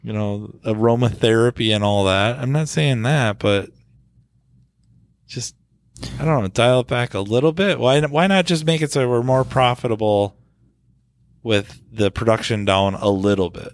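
A man's voice: mid-range voice, moderate pace, no echo. A man co-hosting a podcast about the auto repair trade, talking in a loose, rambling way with lots of "you know" fillers. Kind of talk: casual discussion.

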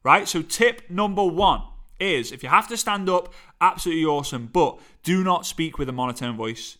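A man with a Liverpool accent coaching on storytelling in a lively, playful way that swings his voice high and low, talking into a microphone. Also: moderate pace. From Liverpool, England. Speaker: speaking coach. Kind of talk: energetic teaching talk. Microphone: studio microphone.

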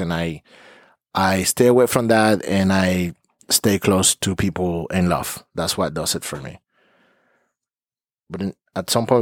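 A man with a low voice hosts a podcast as a therapist, giving a heartfelt monologue. He speaks earnestly and emotionally, often repeating words while he searches for the right ones. The studio-quality audio has no echo.

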